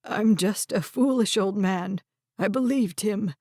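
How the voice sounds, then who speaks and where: A woman's voice: medium pitch, unhurried, mellow, no echo, studio quality, close to an everyday voice. A woman voicing a frail, kindly old grandfather with a quavering, hesitant voice in an audiobook. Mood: tearful.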